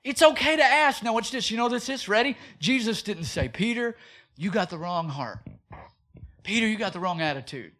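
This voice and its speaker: A pastor preaches at a moderate pace in a high-pitched voice. He is animated throughout and fills the sermon with rhetorical questions.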